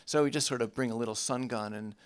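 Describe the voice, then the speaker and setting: An older man speaks on a film panel with an easygoing, rambling manner, casually recalling past work. He talks in a relaxed, unhurried way onstage. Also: medium pitch. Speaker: cinematographer on a panel. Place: film center stage before an audience.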